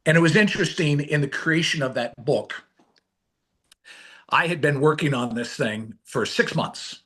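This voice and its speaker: Animated, higher-voiced male storyteller. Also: normal speed, husky. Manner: animated, swings between hushed and excited. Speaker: author and illustrator, guest. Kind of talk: storytelling interview answers.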